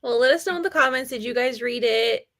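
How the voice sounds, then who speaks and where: High, animated woman co-hosting a book club. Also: quick pace. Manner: animated, laughs often. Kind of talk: casual livestream chat.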